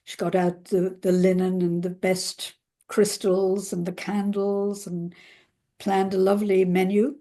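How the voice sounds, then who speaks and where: Woman, therapist, conversational storytelling, mellow voice, animated quoted voices. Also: mid-range voice, measured pace. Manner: acts out quoted voices with lively emphasis.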